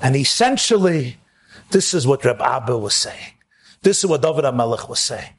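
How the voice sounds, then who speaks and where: A man giving a sermon as a storytelling rabbi, animated and rising to shouts at emotional peaks, sprinkling in Yiddish and Hebrew phrases. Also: medium pitch, moderate pace.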